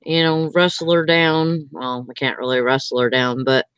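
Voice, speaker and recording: A woman's voice: low-pitched, moderate pace, a bit bright, smooth, no echo. A woman hosting a casual livestream, chatting in a rambling, easygoing way with plenty of fillers. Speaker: livestream host. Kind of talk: casual chat.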